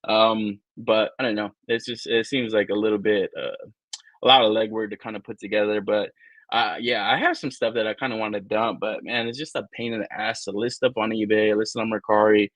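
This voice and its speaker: A man's voice: lowish voice, brisk, dry recording. Profane, rambling man on a live stream. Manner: profane, rambling, animated storyteller who acts out quotes. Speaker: podcast co-host. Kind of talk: casual live-stream chat.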